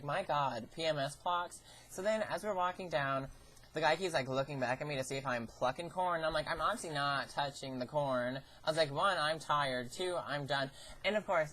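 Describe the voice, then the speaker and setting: A woman's voice: deep voice, fairly bright tone. A teenage girl vlogging, telling a story in a chatty way, swearing often and acting out what people said. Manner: chatty, swears a lot, acts out quoted lines. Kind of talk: casual storytelling.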